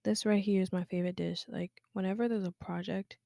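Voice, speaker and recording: A woman's voice: mid-range voice, fairly even intonation, a little fast, vocal fry, warm tone, no room sound, clean studio sound. A teenage woman from Guinea hosting a casual personal podcast, chatty and full of fillers, dropping to a whisper at times. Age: teens. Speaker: podcast host.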